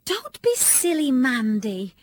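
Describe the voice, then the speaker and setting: A woman's voice: high voice, very animated, slow, a little mellow, no room sound, clean studio sound, pitched above the performer's own voice, exaggerated voice. A woman voicing a worried, doting mother who fusses and insists. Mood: worried insistent. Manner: fussing, emphatic, worried. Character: anxious, doting middle-aged British mother.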